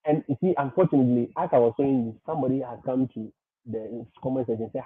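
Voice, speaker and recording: A man hosting a livestream, talking emphatically and circling back over his points with frequent laughs. His voice sounds a little husky, and the audio is thin and phone-like, in a dry room with no echo. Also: a little high, animated, fast. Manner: emphatic, repetitive, laughs often. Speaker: livestream host. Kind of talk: livestream advice talk.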